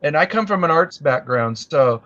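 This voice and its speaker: Emphatic, talkative guy, fairly high voice, muffled dry lo-fi line. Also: expressive, normal speed, a bit bright. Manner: talkative, emphatic, occasional swearing. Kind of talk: casual live stream chat. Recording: dull, dry lo-fi audio.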